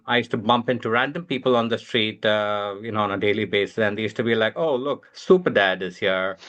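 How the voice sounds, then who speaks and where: A man's voice: lowish voice, bright, forceful tone. A man speaking as a guest on a parenting panel, talking with many fillers and restarts. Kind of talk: casual panel discussion.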